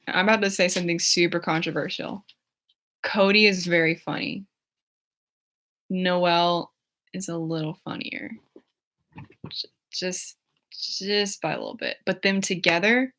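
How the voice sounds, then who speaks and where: A woman's voice: fairly low pitch, fairly bright tone. A young woman in her twenties chatting casually on a livestream at home, rambling with lots of fillers and giggles as she answers her chat. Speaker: YouTuber reading chat on a livestream.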